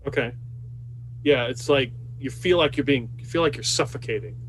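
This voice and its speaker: A man's voice: mid-range voice, normal speed, fairly bright tone, a little hiss or hum. Hesitant man narrating as game master. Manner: loose, hesitant narration with many fillers. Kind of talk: narrating a tabletop game over a voice call.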